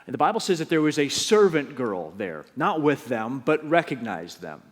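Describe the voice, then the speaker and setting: Male pastor, sermon, lively storytelling, mid-pitched, long church reverb. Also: normal speed. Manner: animated storytelling, acting out scenes.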